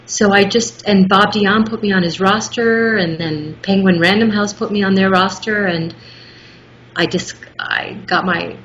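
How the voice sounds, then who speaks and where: A woman's voice: medium pitch, a little slow. Articulate middle-aged woman, muffled recording. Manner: articulate, lively storytelling. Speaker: guest, audiobook narrator. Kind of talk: casual interview chat. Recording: muffled with faint background noise.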